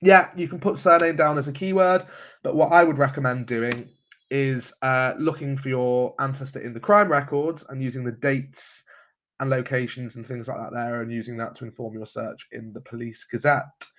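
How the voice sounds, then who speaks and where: Hosting a live genealogy stream, this man keeps a steady tone, medium pitch, and moderate pace. He chats casually through viewer comments with plenty of ums and chuckles, and the lo-fi audio is slightly muffled.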